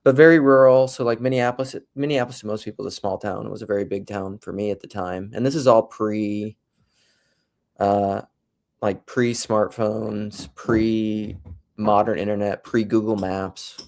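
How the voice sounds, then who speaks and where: A man's voice: fairly low pitch, fairly even intonation, normal speed, a little mellow. A middle-aged man from South Dakota in casual conversation, telling his story in a rambling way and often restarting his sentences. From South Dakota, USA. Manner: rambling, self-interrupting storyteller.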